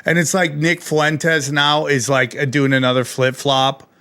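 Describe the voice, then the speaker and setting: Man, podcast host, casual chat, bright forceful voice, slightly high, animated, swears a lot. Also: measured pace. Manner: animated, profane, says "dude" often.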